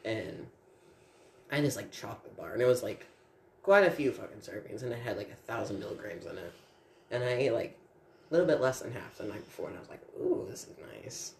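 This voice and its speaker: A man telling stories in a casual chat as a guest, animated and swearing freely. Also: on the low side, fast, gravelly. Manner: animated, profane storytelling. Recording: echoey room with faint background hum.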